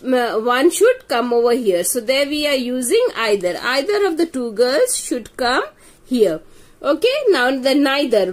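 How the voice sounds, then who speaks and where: A woman teaching an English grammar lesson, patiently repeating example sentences and checking in with "okay?". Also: sits high. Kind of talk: slow explanatory grammar lesson.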